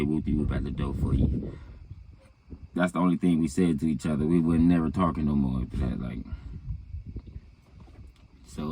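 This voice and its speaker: Easygoing male storyteller, very low voice, loose and profane, chuckling as he goes. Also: a little mellow. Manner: laid-back, profane, peppered with "you know what I'm saying"; chuckles between phrases. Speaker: storyteller recounting his own past. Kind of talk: casual storytelling.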